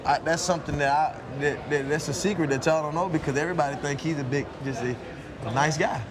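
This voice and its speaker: Laid-back young football player, crowd behind. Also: male voice, fairly high pitch, steady tone, fast talker. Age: young adult. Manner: laid-back, laughing, colloquial. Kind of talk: interview. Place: outdoors at a busy media event. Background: crowd chatter.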